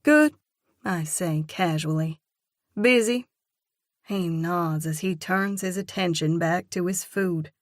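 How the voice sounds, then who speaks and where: A woman narrating a romance audiobook in the first person, with a measured, expressive reading. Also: fairly low pitch, dry recording, clean studio sound.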